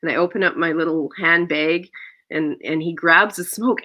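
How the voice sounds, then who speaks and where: Middle-aged actress recounting an anecdote, lower-pitched, lively, jumps up high when quoting. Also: female voice, fairly quick. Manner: acts out quoted lines with big pitch jumps and gasps. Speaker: actor, interview guest. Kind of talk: animated anecdotal storytelling.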